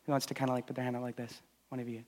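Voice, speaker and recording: A man's voice: medium pitch, little pitch movement, very fast, a little mellow. A man preaching a casual sermon as a pastor, talking loosely with lots of fillers while he walks volunteers through a demonstration. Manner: conversational, loose and filler-heavy. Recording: long hall reverb.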